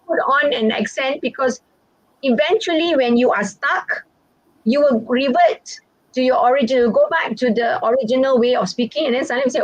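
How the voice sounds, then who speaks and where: A woman's voice: high-pitched, normal speed, no echo. Chatty Malaysian woman teaching exam prep. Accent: Malaysian English. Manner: chatty, animated, frequent "all right?" check-ins. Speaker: English teacher and exam examiner. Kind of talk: online exam-prep lesson. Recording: dry, muffled, lo-fi audio.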